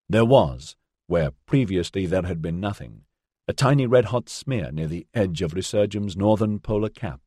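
Male audiobook narrator, lowish voice, measured and deliberate reading, dry studio sound. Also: a little mellow, no echo.

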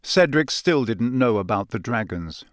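Clean studio sound and a dry recording frame this male audiobook narrator's mid-range voice. He tells the story in a steady, measured way, reading scripted narration.

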